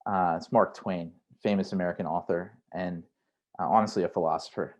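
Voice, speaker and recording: Male career coach with a slightly low voice, relaxed and chatty workshop delivery, keeps tagging lines with "right?". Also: fairly quick. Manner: conversational, frequent "right?" tags; acts out inner voices in quotes. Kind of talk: online workshop talk.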